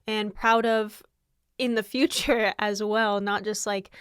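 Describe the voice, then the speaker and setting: A woman's voice: mid-range voice, fairly even intonation, slow pace, clear, resonant tone, no echo, clean studio sound. A young adult woman hosting her own podcast in casual, candid chat, tired and laughing often. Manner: candid, rambling, with frequent laughs. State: exhausted. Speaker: podcast host.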